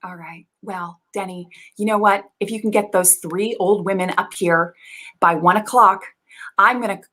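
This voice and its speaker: A woman's voice: mid-range voice, steady tone, moderate pace, bright, forceful tone, poor audio. A woman playing a pompous biotech boss. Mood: haughty. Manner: pompous, condescending, corporate jargon. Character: bossy female biotech executive, pompous and dismissive. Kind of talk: improvised comedy scene.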